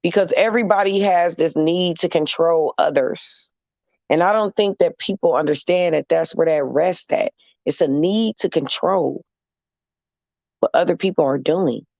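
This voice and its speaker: A man's voice: a little high, normal speed, vocal fry, a little mellow, no room sound. A man talking casually to camera in an emphatic, sassy, repetitive way, as in a vlog monologue. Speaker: vlogger. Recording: dull, dry lo-fi recording.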